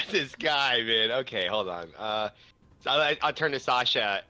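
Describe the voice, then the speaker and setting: Bright-voiced male tabletop player. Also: mid-range voice, lively intonation, a little slow, faint music behind. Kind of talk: casual tabletop game play.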